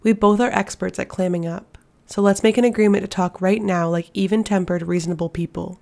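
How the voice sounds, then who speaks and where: A woman voicing a bold young warrior queen who talks in a wry, coaxing way. Her voice has a gravelly grain. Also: medium pitch, fairly even intonation, a little fast, a little mellow, lightly acted.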